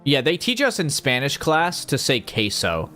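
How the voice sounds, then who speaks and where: A man's voice: fairly high pitch, big pitch swings, moderate pace, bright, forceful tone, soft background music. Rambling, jokey male streamer. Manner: rambling, jokey, self-mocking. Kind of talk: casual livestream chat.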